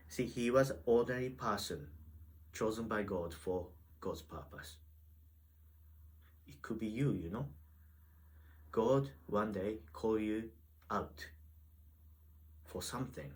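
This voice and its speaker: Animated male Bible teacher. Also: medium pitch, poor audio. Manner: animated, asks many rhetorical questions. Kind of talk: teaching sermon. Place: Wales.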